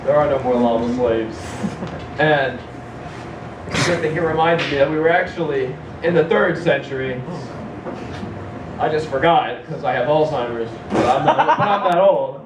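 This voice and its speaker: A man's voice: fairly high pitch, moderate pace. A man doing a stand-up set, telling a rambling absurd story and giggling between lines. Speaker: stand-up comedian. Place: comedy club stage. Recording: echoey club from a distance, noisy.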